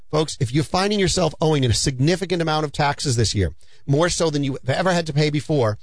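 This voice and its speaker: A man's voice: medium pitch, no room sound. Earnest, dry-voiced male financial advisor. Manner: earnest, persuasive, storytelling. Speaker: financial advisor hosting a radio show. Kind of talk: conversational advice talk.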